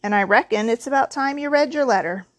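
A woman doing Hagrid, booming and gruff. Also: fairly quick, lightly acted. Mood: hearty. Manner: booming, growling, indignant. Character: huge gruff male half-giant groundskeeper, hot-tempered.

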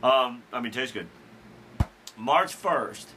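A man's voice: medium pitch, a little slow, a bit bright, a little hiss or hum. A man hosting a casual talk show, rambling through holidays with asides and fillers. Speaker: host. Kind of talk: casual chat about daily holidays.

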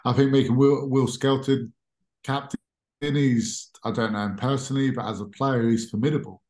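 A man, a podcast guest telling stories in a relaxed, conversational way with frequent restarts. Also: mid-range voice, normal speed. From England. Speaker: podcast guest, former rugby captain. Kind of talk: casual interview chat. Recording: roomy echo.

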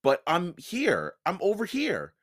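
A man's voice: sits high, huge pitch swings, slow, a bit bright, pitched above the performer's own voice, full character voice. A man voicing a bold, eager young girl in a children's storybook reading. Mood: urgent.

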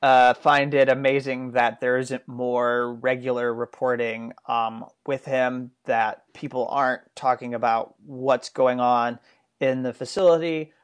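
A man's voice: medium pitch, level tone, unhurried, clear, resonant tone. A man co-hosting a casual political discussion, talking earnestly and rambling with frequent restarts. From United States. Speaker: political commentary co-host.

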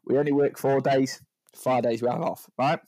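A man's voice: mid-range voice, steady tone, moderate pace, dark tone, no room sound. A man co-hosting a casual podcast chat, rambling and joking, tagging lines with "right?". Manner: rambling, jokey, stacks up "right?" tags. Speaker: podcast co-host.

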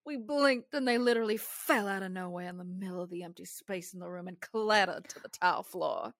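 A woman voicing a genteel Southern belle telling a ghost story in a put-on Southern US accent, in a slow, drawn-out way. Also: lowish voice, no room sound, clean studio sound, lightly acted. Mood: spooky drawl.

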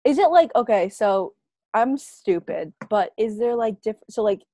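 A woman's voice: medium pitch, expressive, dark tone, dry recording. Bubbly, giggly teen girl in a dry room. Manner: bubbly, giggly, quick to apologize. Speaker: co-host. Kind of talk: casual chat.

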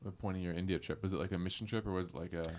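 An easygoing young man co-hosting a podcast, speaking in a low voice. He keeps things relaxed and chatty, ready to laugh along with his co-host. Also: racing. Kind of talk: casual chat.

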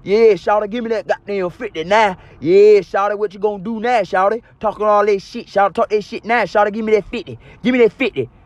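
A man's voice: high-pitched, steady tone, brisk, few pauses, no room sound, lo-fi sound, pitched above the performer's own voice, lightly acted. A man doing a taunting street robber. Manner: taunting, repeats himself. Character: shaky young male street robber, taunting.

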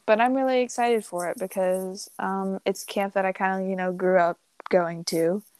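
A woman's voice: medium pitch, fairly even intonation, moderate pace, a little mellow, clean tone, no room sound. A young woman in her teens telling a story in casual chat, rambling with lots of fillers and laughs. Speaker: podcast co-host.

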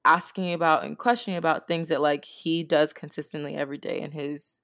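A woman with a low voice and a creaky, gravelly edge, chatting casually. She talks candidly and loosely, leaning on fillers as she thinks. The sound is dry and close. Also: a little fast, no echo. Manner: relaxed, candid, filler-heavy. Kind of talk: casual chat.

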